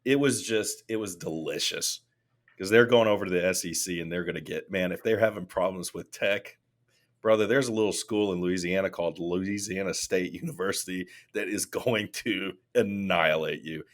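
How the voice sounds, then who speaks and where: A man co-hosting a casual podcast, telling animated stories that rise into loud mock rants. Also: low-pitched, moderate pace. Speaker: podcast co-host.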